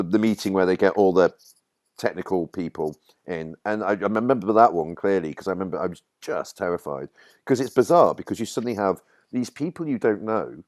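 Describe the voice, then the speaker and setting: Deep-voiced man telling stories. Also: no echo, studio quality. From Yorkshire, England. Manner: animated storyteller, acts out quotes in high voices. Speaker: guest writer. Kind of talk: casual anecdotal interview.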